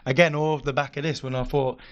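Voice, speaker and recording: A man's voice: mid-range voice, flat delivery, fast talker, dull audio. A young man, a podcast guest telling a long story in a rambling way, full of fillers. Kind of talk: casual chat.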